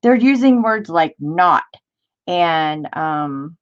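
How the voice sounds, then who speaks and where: This crafting-stream host speaks unhurriedly in a fairly low voice with lively intonation, recorded in lo-fi. Chatting casually, she reads antiquated text aloud, tripping over hard words and reacting with disbelief.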